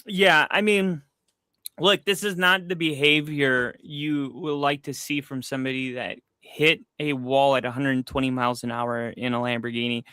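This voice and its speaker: On a streaming setup with a close mic, a man co-hosts a podcast and casually spins a long personal story packed with fillers and asides. He's an animated, rambling storyteller with a smooth, medium-pitched voice and moderate pace. The sound is studio quality, with no room sound.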